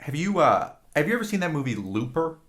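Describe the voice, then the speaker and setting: A man's voice: on the high side, very animated, a bit bright. A man co-hosting a podcast, rambling and swearing casually as he retells movie scenes. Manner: rambling, profane, retells scenes with quick impressions. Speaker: podcast co-host.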